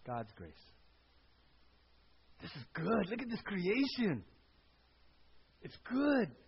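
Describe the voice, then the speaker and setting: Husky high-voiced preacher. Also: male voice, huge pitch swings, takes it slowly. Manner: conversational preaching, frequent "right?" tag questions. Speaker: pastor. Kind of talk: sermon. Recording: dull lo-fi sound.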